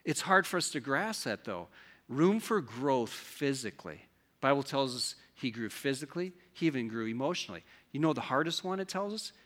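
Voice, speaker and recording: Preaching to his congregation at a normal speed and medium pitch, a pastor animatedly fires off rhetorical questions during his sermon.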